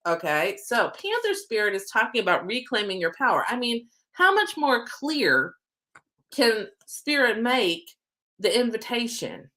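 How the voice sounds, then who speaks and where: A woman's voice: a little high, sing-song, measured pace, bright, forceful tone. A woman hosting a casual livestream oracle card reading, chatty and playful, with some casual swearing. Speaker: oracle card reader and manifesting coach. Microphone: desk setup with computer screens.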